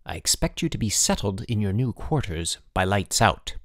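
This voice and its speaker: A man's voice: on the low side, very animated, moderate pace. A man voicing a stern, self-satisfied boarding-school headmaster who speaks in a clipped, formal way.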